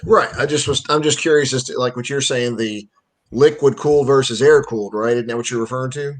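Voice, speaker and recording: A man's voice: mid-range voice, a little fast. A man in casual chat asking curious, hesitant questions over a video call.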